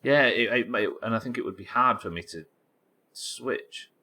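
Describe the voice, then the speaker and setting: A man from England with a Yorkshire accent chats casually while live-streaming a game, rambling, thinking aloud, and swearing freely. His voice is medium in pitch, bright and forceful, at a normal speed.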